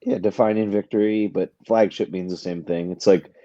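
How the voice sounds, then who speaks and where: A man's voice: fairly low pitch, fairly even intonation, moderate pace, mellow, dry recording, lo-fi sound. A man co-hosting a sports podcast, talking in a rambling, opinionated way full of restarts. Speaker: podcast co-host. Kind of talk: casual sports chat.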